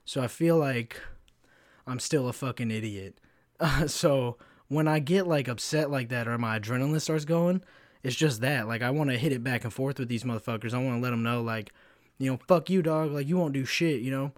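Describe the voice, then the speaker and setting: A man in his twenties hosting a casual solo podcast, tired after a work shift, venting about his job in profane, animated storytelling. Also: mid-range voice, moderate pace, dry recording, clean studio sound. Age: 20s. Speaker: podcast host.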